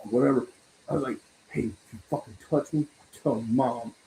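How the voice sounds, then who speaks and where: A podcast host with a mid-range voice talks at normal speed over poor audio. In this casual chat stream he swears often, laughs a lot and tells stories in an animated way.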